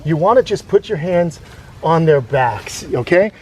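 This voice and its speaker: A man's voice: a little high, lively intonation, measured pace, a little mellow, a little hiss or hum. A man hosting a casual educational vlog outdoors on a grassy lawn, explaining reptiles with chatty enthusiasm. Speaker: reptile sanctuary host.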